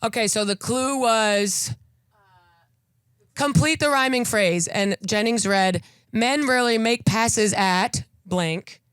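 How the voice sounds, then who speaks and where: A man's voice: sits high, takes it slowly, a bit bright, smooth, dry recording, clean studio sound. Laid-back crude male podcast host. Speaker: podcast host reading headlines. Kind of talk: casual comedic podcast banter.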